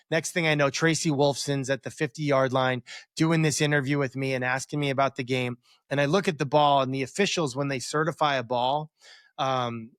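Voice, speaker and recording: A man's voice: mid-range voice, a bit bright, no echo. Dry, rambling man telling a story. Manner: rambling, many fillers and restarts. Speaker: guest, former quarterback. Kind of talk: reflective storytelling interview.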